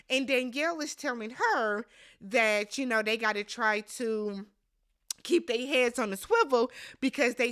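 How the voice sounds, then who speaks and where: A woman's voice: on the high side, sharp tone. A woman hosting a casual recap and review vlog, blunt and exasperated, swearing freely and talking straight to the people on the show. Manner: swears freely and asks rhetorical questions. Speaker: reality show recap host.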